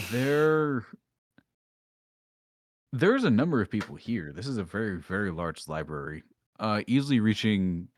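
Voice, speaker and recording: Low-voiced male dungeon master, relaxed, loose scene descriptions, dry recording. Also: no echo. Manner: relaxed, filler-heavy descriptions. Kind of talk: narrating a tabletop game.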